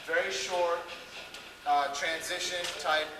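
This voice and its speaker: A man's voice: high-pitched, fairly even intonation, slow. A man instructing a drum and bugle corps in stern rehearsal instruction, firm and lecturing as he counts off and sings out rhythms, recorded in an indoor rehearsal room on old tape. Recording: echoey room, far mic, hissy old tape.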